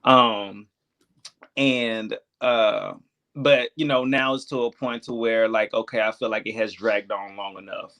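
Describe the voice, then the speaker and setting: A man of thirty, a podcast guest, talking candidly in a hesitant, reflective way with many pauses and filler words. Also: lowish voice, fairly even intonation, bright, forceful tone. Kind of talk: candid conversation.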